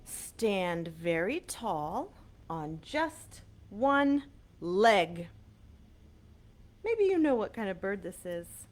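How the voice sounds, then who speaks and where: A woman librarian reading a picture book aloud to small children, animated and coaxing, asking them questions, recorded on a webcam. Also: medium pitch, extremely slow, pauses often. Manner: animated, sing-song, coaxing questions to kids.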